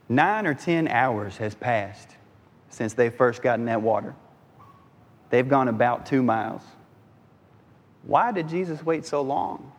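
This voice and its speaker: A man preaches to his congregation in a lively, conversational way, now and then putting on voices for the people in his story. His voice sits in the middle range. A long reverb trails every phrase, as in a big hall. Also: medium pitch, creaky. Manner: animated, dips into voices of disciples and Jesus. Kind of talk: sermon.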